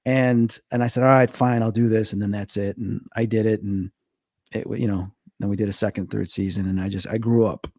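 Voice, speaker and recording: Guy in his 50s rattling off stories super fast, does the voices when he quotes people, dry close sound. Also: dry recording. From Chicago, USA. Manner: fast, animated, acts out quoted dialogue with big pitch jumps. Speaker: guest, medium and paranormal investigator. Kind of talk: casual interview storytelling.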